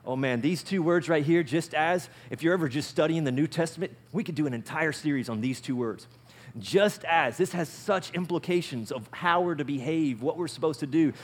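A male pastor preaching a sermon in an animated way, often asking his listeners questions. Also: on the high side, fairly quick, breathy edge. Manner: animated, asks the audience questions.

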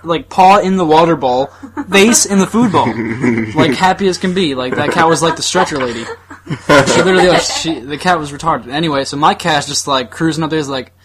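A man's voice: fairly high pitch, a little fast. A young man co-hosting a podcast, telling a long crude story in a rambling way, laughing along with himself. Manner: rambling, crude, laughs through his own stories. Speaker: podcast co-host. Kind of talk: casual storytelling chat.

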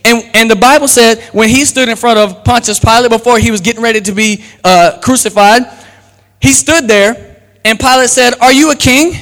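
High-voiced preaching pastor in a hall. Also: male voice, steady tone, normal speed, fairly bright tone. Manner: preaching, acts out quotes, asks the crowd to respond. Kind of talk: sermon.

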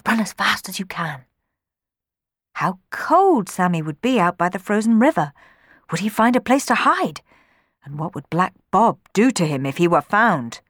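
A woman reading a children's storybook aloud in an expressive way, changing her voice for the characters. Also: medium pitch, moderate pace, dry recording, studio quality.

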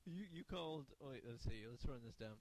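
A man's voice: mid-range voice, expressive, brisk, darkish tone. A man co-hosting a wrestling podcast in casual chat, amused and laughing often. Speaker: podcast co-host.

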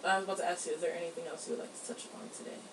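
A woman co-hosting a podcast in casual chat, giggly and animated, swearing freely. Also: on the low side, rapid-fire, distant mic, noisy background. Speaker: podcast co-host. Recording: roomy, from off the mic, faint ambience.

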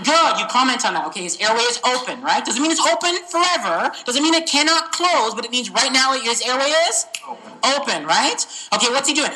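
An energetic woman tutoring for a medical exam, keeps asking the class whether they follow. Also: fairly high pitch, a little fast, a little hiss or hum, poor audio. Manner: energetic, keeps checking understanding. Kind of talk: interactive teaching session.

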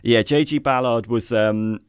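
A man's voice: mid-range voice, fairly even intonation, unhurried, clean tone, no room sound, clean studio sound. A British man co-hosting a casual film podcast, talking in a hesitant way with many fillers and restarts, livelier when enthused. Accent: British English. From Britain. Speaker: podcast co-host, film reviewer.

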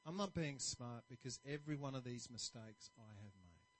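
A man preaching a sermon, telling stories and admitting his own faults in an animated manner. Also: mid-range voice, normal speed, poor audio. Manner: animated, storytelling, self-deprecating. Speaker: pastor.

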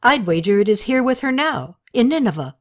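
A woman reading the part of a stern, scheming male high priest, in a grave and insistent manner. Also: big pitch swings, fairly quick.

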